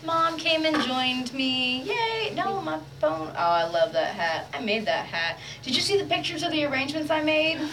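A woman hosting a radio show, chatting in a bubbly, quick way with a guest. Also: high voice, very animated, background noise. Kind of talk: casual chat.

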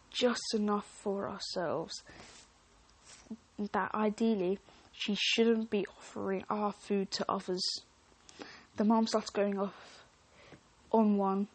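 Breathy, chatty woman host. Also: mid-range voice. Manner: chatty, self-interrupting, joking asides. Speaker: podcast host. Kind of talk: reading online stories with commentary.

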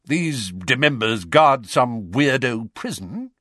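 A man voicing a blustering, bullying middle-aged uncle in an audiobook reading, loud and accusing. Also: medium pitch, animated, takes it slowly, dry recording, clean studio sound, voice pushed up, full character voice.

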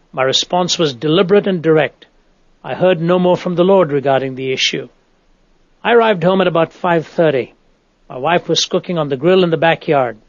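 A man with a fairly high voice reads a nonfiction audiobook aloud. His delivery is measured and earnest, close to the mic on a dry recording with little room sound. The audio is a bit dull and lo-fi. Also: fairly bright tone, dry recording. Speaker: audiobook narrator.

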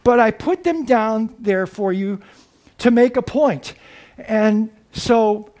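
Brief: man, preacher, high voice, slow and deliberate delivery, earnest. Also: a little mellow. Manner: reflective, earnest, with pauses and restarts. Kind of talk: sermon.

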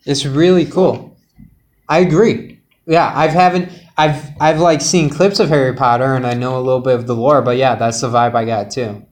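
A man's voice: mid-range voice, fairly even intonation, normal speed. A man co-hosting a casual podcast, joking around and rambling with lots of "like". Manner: jokey, rambling with many "like"s. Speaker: podcast co-host.

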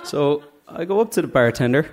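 A man's voice: on the high side, animated, fairly quick. Chatty Dublin man telling a story onstage. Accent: Dublin Irish. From Dublin, Ireland. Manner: chatty, self-mocking, acts out voices. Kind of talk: live comic storytelling. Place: stage at a live story night.

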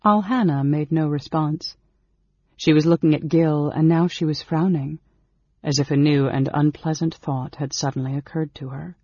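A man narrating a fantasy audiobook with a steady, measured reading. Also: on the high side, husky, dry recording. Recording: dull, dry lo-fi recording.

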